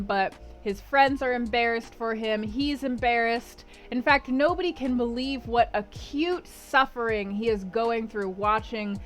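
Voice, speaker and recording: A woman's voice: fairly high pitch, fairly bright tone. A woman hosting a book club stream, recapping a novel in a chatty way with lots of fillers.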